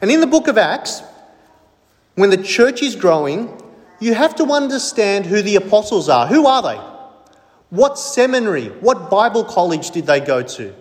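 A man's voice: high voice, big pitch swings, moderate pace, in a large hall. A man preaching a sermon as pastor, emphatic, stressing points in lists.

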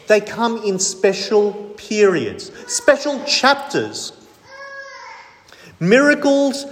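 Lively high-voiced preacher in a reverberant hall. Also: male voice. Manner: emphatic, lists points with rising stresses. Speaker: pastor. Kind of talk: sermon.

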